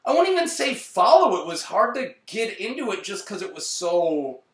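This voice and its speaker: A man hosting a casual movie review chat, excitable and rambling, often cutting himself off mid-sentence. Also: high voice, moderate pace. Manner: excitable, rambling, self-interrupting. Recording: roomy, distant mic.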